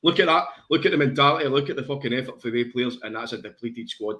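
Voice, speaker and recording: A man's voice: medium pitch, fast talker, bright, forceful tone. A Scottish man on a football podcast, boisterous and swearing, laughing through the banter. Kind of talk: casual post-match banter.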